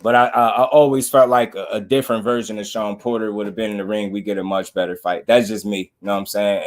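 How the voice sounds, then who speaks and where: A man giving casual, slangy boxing commentary, laughing often and chatting with viewers. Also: mid-range voice.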